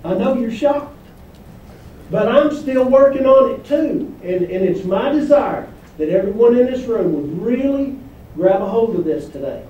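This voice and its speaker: A man's voice: very high voice, animated, measured pace, dark tone, lo-fi sound. A man preaching a sermon as pastor, reading scripture aloud and asking the congregation questions. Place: church hall. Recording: echoey hall, voice from far off.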